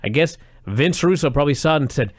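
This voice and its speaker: An animated man co-hosting a podcast, talking over old wrestling shows with a sarcastic edge and frequent laughs. His pitch sits a little high and swings widely, and the sound is dry and close with no room echo. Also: fast. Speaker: podcast co-host. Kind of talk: casual chat reviewing old wrestling.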